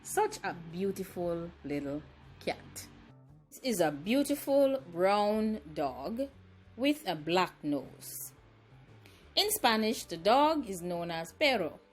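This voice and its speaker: A woman from Jamaica with a Jamaican accent, narrating a language lesson as a teacher, speaking slowly and deliberately and enunciating each word. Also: medium pitch, sing-song, soft background music. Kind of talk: educational tutorial narration.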